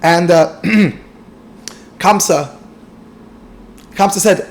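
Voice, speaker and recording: A man's voice: fairly high pitch, fairly quick, darkish tone. Man retelling a story with many fillers. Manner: casual, lots of fillers and restarts. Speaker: Torah teacher.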